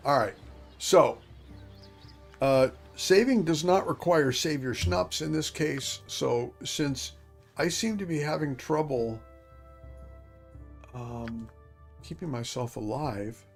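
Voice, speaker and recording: A man's voice: medium pitch, slow, creaky, long pauses, slightly rough, faint music behind. A man in his fifties streaming a game and chatting casually, rambling to himself as he plays. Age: 50s. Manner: rambling, talks to himself, chuckles. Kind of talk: casual gameplay commentary.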